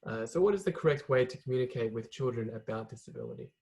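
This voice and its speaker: A man's voice: mid-range voice, lively intonation, fast talker, a little mellow, slight background noise, poor audio. A man hosting a podcast, asking interview questions in a hesitant, encouraging way. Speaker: podcast host.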